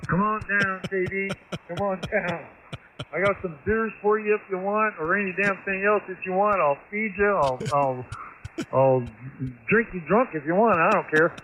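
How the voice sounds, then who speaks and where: A man's voice: high voice, normal speed, a bit bright, slight background noise. A man calling in on a ham radio, easygoing and joking, saying by golly. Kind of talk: casual radio chat. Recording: tinny radio transmission.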